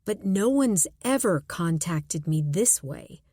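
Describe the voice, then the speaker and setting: A woman reads a suspense audiobook in first person, measured and tense. Her voice sits low and moves very slowly. The recording is close and dry, with no room sound. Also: expressive, mellow, slightly rough, no echo. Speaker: audiobook narrator. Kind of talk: first-person scripted narration.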